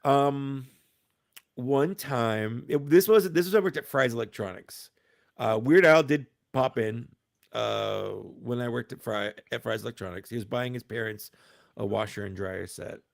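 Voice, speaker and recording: A man's voice: medium pitch, a little slow, gravelly, no room sound, clean studio sound. A man telling stories in a casual chat, in a laid-back way that trails off into laughs. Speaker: guest.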